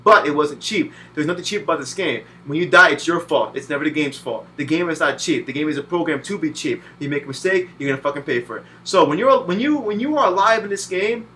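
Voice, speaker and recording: A man in his twenties, from Puerto Rico, giving a profane, animated video game review full of cursing and mocking voices. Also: fairly high pitch, quick pace, few pauses. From Puerto Rican. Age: 20s.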